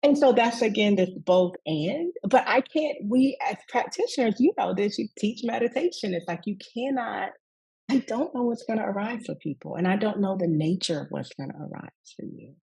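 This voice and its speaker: A woman from the Deep South, a yoga teacher telling a personal story in conversation and often breaking into laughing asides and tag questions. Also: lively intonation, moderate pace, vocal fry, a little mellow, breathy edge, low-quality recording.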